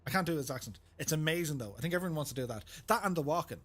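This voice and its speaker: Irish man, game streamer, casual chat, lively pitch, husky. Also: rapid-fire. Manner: chatty, jokey, laughs often.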